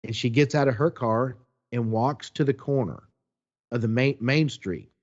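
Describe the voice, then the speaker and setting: A man casually telling a story as a podcast co-host, animated, acting out the quotes. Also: mid-range voice, normal speed, highs cut off.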